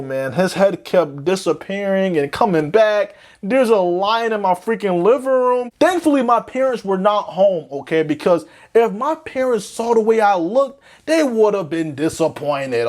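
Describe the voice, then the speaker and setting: A young man from Florida telling a storytime tale in slangy talk, swinging between panicky high squeaks and low drawls. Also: lively intonation, normal speed, few pauses. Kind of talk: animated storytime narration.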